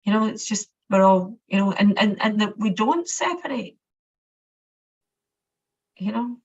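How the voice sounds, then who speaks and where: A Scottish woman speaks in a middle-pitched voice, sharing personal reflections in a halting way and often repeating words. The recording is muffled and lo-fi. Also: expressive, husky. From Scotland. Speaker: workshop participant. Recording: muffled lo-fi audio.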